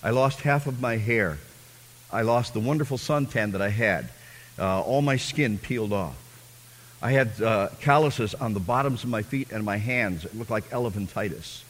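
A man preaching a personal testimony as a sermon, telling his story with fervor and swinging from hushed, quiet passages to loud, impassioned ones. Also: on the low side, normal speed, long reverb tail.

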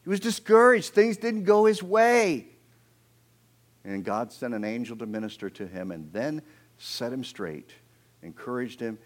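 A man preaching a sermon outdoors, telling scripture stories dramatically and acting out quoted speakers, with playful asides. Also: lowish voice. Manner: dramatic storytelling, acting out quoted speakers with big swings in loudness. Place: outdoors near a creek.

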